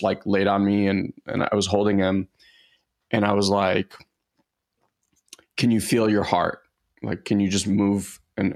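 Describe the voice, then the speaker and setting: A man with a very low, gravelly voice tells a heartfelt story in easy conversation. He talks in halting bursts, full of "like" and restarts, as a podcast co-host.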